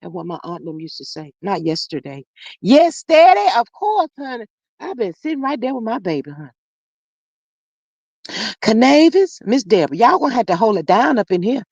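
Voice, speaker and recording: A chatty stream host with a bouncy, lively voice and humming, slangy asides, heard close and dry through a dull lo-fi mic. The delivery is playful and loose as they read viewer comments aloud. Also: mid-range voice, brisk, gravelly, breathy edge, no room sound. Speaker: livestream host reading viewer chat. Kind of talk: casual commentary.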